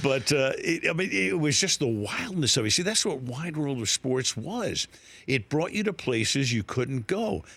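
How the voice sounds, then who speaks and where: A man's voice: mid-range voice, very animated, a little slow, gravelly, fairly bright tone, slightly rough, dry recording. An older man, a sports broadcaster being interviewed, telling anecdotes with laughter and rising quoted voices on a studio mic. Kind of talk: storytelling interview.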